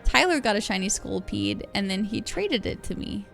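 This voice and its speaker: A young woman streaming a game, chatting loosely and giggling at what she sees. Her voice sits in an ordinary middle pitch. Faint game music plays beneath her. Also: big pitch swings, normal speed, creaky, a bit bright. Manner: giggly, chatty, self-deprecating. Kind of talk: casual live gameplay commentary.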